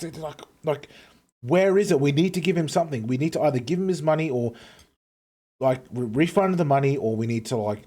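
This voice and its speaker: Streamer, male, slightly high voice, heated profane rant, chewing between lines. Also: lively intonation, brisk, mellow. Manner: ranting, heavy swearing; talks while eating. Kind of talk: casual stream chat.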